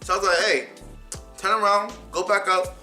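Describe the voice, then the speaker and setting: A young man vlogger telling a heated, animated story about being fired, often repeating himself. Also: high-pitched, normal speed, faint music behind. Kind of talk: casual storytime rant.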